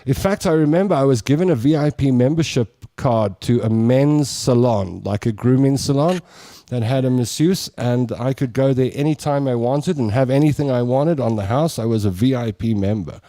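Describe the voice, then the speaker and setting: A man hosting a relaxed talk show, chatting, reading out listener messages and telling stories with easy laughs. His voice sits at a middle pitch and sounds close and dry, with no room echo. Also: normal speed. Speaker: radio show host. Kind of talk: casual talk-show chat.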